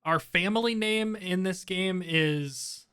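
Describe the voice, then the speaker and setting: Slow-talking laughing male streamer. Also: high-pitched, sharp tone. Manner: laughs a lot, joking. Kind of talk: casual game commentary. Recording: game music playing clearly behind.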